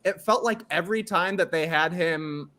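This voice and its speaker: A man's voice: high voice, normal speed, very noisy. A man co-hosting a casual sports podcast, easygoing and conversational. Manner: easygoing and conversational, full of likes. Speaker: podcast co-host.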